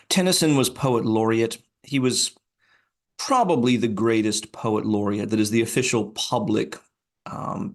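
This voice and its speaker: A male podcast host giving informal poetry commentary, talking conversationally with frequent fillers and restarts. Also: on the low side.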